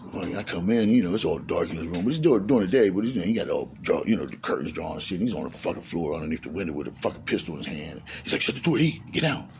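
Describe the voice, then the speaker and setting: Gravelly low-voiced man telling stories. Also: rapid-fire, few pauses, a little mellow, a little hiss or hum. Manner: rambling, street slang, acts out quotes. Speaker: storyteller. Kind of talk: casual profane storytelling.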